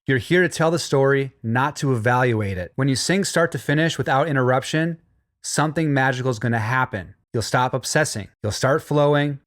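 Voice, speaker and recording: Male vocal instructor, mid-range voice, encouraging course narration. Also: mid-range voice. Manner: encouraging, demonstrates hums and sung lines.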